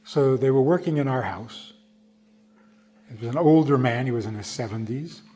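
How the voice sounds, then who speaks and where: A man, a rabbi, giving an unhurried storytelling lecture, stretching key words for emphasis. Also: mid-range voice, mellow, husky.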